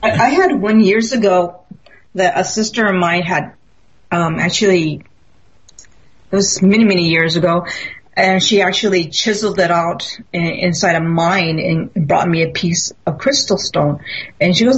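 A woman's voice: mid-range voice, normal speed, slight background noise. A woman in casual spiritual conversation, speaking earnestly and acting out the voices in her own stories. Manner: earnest, storytelling, acts out quotes. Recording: dull lo-fi audio.

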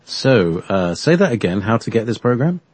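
A man hosting a talk radio show, asking questions in a halting way with lots of fillers. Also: fairly low pitch, sing-song, darkish tone, slightly rough, dry recording.

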